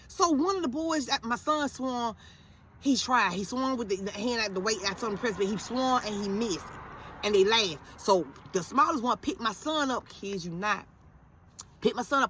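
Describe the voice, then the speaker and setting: A woman telling a comic story in a profane, animated rant that swings from yelling to muttering. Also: on the high side, husky.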